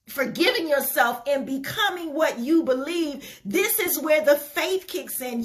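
Very high, bright-voiced woman preaching. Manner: impassioned, fervent preaching; conversational asides to the listeners. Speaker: ministry leader. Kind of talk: sermon.

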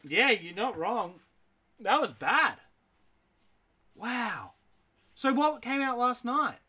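A man's voice: extremely high pitch, big pitch swings, a little slow, bright, forceful tone. A man running a live card break, reading out names in a list and chatting with viewers. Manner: rattles off names, reacts aloud, chats with viewers. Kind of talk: live card-opening stream.

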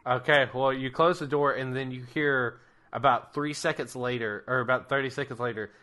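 A man's voice: medium pitch, steady tone, moderate pace, pushed and bright. A man narrating as game master of a tabletop game, rambling and joking crudely between laughs.

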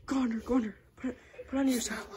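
A woman gamer chatting excitedly during play, giggling, shrieking and whispering by turns. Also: a little high, fast, noisy background. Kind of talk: excited gameplay chat.

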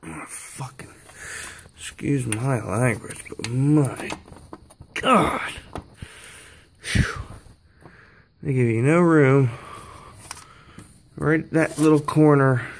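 Man, slow-talking, strained, cursing under his breath, tool clicks audible behind. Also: mid-range voice, gravelly, a little hiss or hum. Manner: swearing, straining and muttering while he works. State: strained from physical effort. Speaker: DIY car repair vlogger. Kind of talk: casual talk while working.

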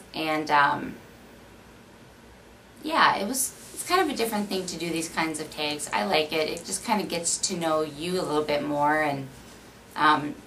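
Slow, low-pitched Minnesota woman vlogging. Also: fairly bright tone, distant mic, slight background noise, poor audio. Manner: chatty, rambling, many fillers. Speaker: beauty vlogger. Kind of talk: casual vlog chat.

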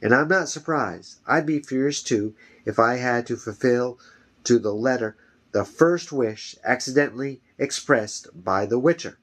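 A man voicing a calm, knowing lawyer in a home story reading, measured and explanatory. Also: medium pitch, close to an everyday voice. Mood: grave.

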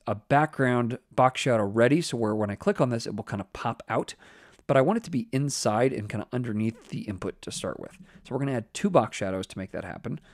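A man explaining web code step by step in a relaxed screen-recorded tutorial, thinking aloud as he types. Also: mid-range voice, no echo, clean studio sound. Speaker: web development instructor.

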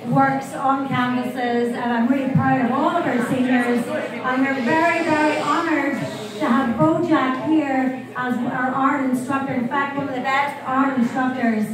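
A woman's voice: sits high, fairly even intonation, unhurried. A woman hosting an art show opening, upbeat and effusive as she introduces the instructor. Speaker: event host. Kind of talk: introducing a speaker. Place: echoey community hall. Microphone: far room mic. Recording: echoey hall from far off, loud crowd. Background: loud crowd.

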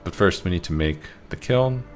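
Deep-voiced man muttering over gameplay. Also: animated, normal speed, a little mellow, soft background music. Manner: muttering to himself, wry and self-mocking. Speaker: gameplay commentator. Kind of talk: casual let's-play commentary.

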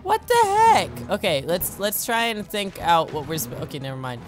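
A young man commentating on his own gameplay, excitable and jokey, talking to himself and yelping when he crashes. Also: on the high side, a little fast, soft background music. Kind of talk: let's play commentary.

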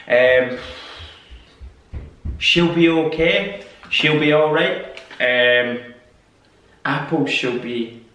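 A man's voice: fairly high pitch, a little slow, long pauses, sharp tone, far from the mic. A Scottish man talks casually to camera, musing aloud and circling back over the same words while he thinks. He swears offhandedly now and then. He sounds a little way from the mic in a very echoey room. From Scotland. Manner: rambling, repeats phrases while musing aloud. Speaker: YouTube host. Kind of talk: casual solo vlog.

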